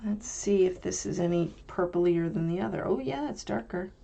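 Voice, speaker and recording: A woman's voice: fairly low pitch, normal speed, creaky, warm tone, dull audio. A woman hosting an art channel, chatting casually and musing aloud as she swatches and reviews paints.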